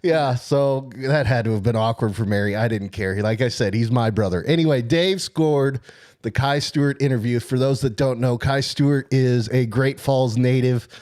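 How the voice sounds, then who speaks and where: A man co-hosting a casual sports podcast, telling a long story in an excited, rambling way. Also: medium pitch, normal speed. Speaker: podcast co-host.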